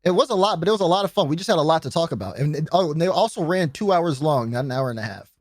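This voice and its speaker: A man's voice: fairly high pitch, very fast, no echo, studio quality. A young man, a guest on a podcast, telling stories in casual chat and quoting other people as he goes. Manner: storytelling, animated, fond of quoting others.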